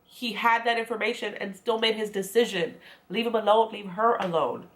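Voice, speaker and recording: A woman's voice: medium pitch, fairly even intonation, normal speed. A woman giving a casual, sassy recap of a reality show, chatty and full of quoted asides. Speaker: recap vlogger.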